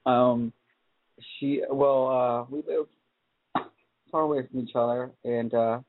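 An eighteen-year-old man calls in over a thin, phone-like line. He speaks slowly and haltingly, full of pauses and ums. His voice sits at a middling pitch and sounds dry. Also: animated, no room sound. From California. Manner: hesitant, halting, many ums. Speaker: caller. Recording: tinny phone-line call.

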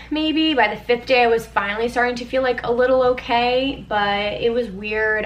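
Chatty young woman with a bright voice. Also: medium pitch, poor audio. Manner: chatty, frequent "like" and swearing. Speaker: podcast host. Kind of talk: candid personal monologue.

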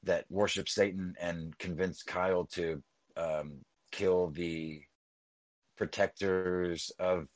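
Low-voiced guy rambling on a podcast, swears a lot, dry close sound. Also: steady tone, slow, no room sound, low-quality recording. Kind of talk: casual chat.

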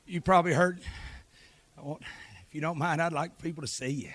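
A man preaching a revival sermon, telling a story and then shouting fervent exhortations to the congregation. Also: on the high side, steady tone, brisk. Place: church revival meeting.

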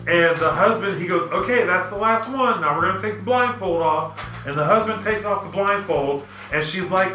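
A man with a bright, forceful voice pitched a little high talks animatedly, swearing freely as he tells a story and drifts into a rant. He sounds like the host of a casual podcast, recorded in an echoey room. Faint music plays underneath. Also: normal speed. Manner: animated, profane storytelling and ranting. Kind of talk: casual chat.

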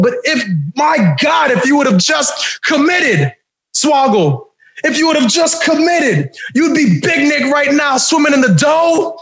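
A man hosting a podcast, teasing his guest in animated, emphatic casual chat. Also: very high voice, echoey room. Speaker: podcast host.

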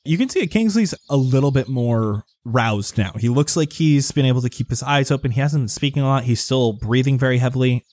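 A man's voice: mid-range voice, expressive, brisk, hardly any pauses, a little mellow, no echo. A man narrating a tabletop game as game master, describing scenes loosely with lots of fillers.

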